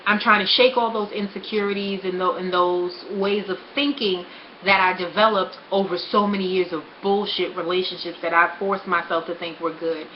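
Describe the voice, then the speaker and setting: A woman's voice: fairly low pitch, normal speed, a little hiss or hum. Blunt, frank young woman vlogging. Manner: blunt, frank and animated, swears freely. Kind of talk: casual personal vlog talk. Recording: roomy, slightly dull home recording.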